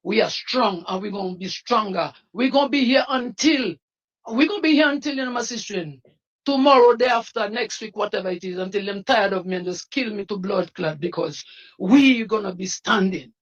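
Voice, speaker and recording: A man's voice: high voice, normal speed, fairly bright tone, muffled recording. A man with a Dominican accent speaking as an activist at a news interview, fiery and pleading, repeating himself. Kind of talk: impassioned street interview.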